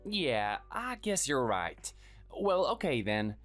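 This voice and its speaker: A man's voice: very animated, takes it slowly, fairly bright tone, faint music behind. A man playing a timid, sickly husband in his thirties who is meek and apologetic. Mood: pleading. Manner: meek and apologetic, raised pitch. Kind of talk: dramatized story dialogue and first-person narration.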